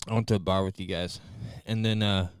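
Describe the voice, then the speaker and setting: A man's voice: sits low, fairly even intonation, a little fast, smooth, no echo, studio quality. A man co-hosting a casual live-stream chat, telling a story with lots of fillers, restarts and laughs. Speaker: co-host. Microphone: desk mic, headphones.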